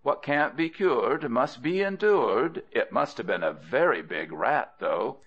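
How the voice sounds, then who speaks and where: A man's voice: medium pitch, big pitch swings, measured pace, a bit bright, slightly rough, heavily acted. A man playing a sly, unruffled traveler. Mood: dry. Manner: dry, unruffled irony. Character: shrewd calm male traveler, dry and sly. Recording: dull lo-fi audio.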